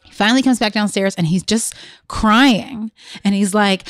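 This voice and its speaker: A woman co-hosting a podcast, chatting casually and telling animated stories about her kids. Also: mid-range voice, normal speed, dry recording. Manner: animated storytelling with quoted voices. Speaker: podcast co-host. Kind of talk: casual chat.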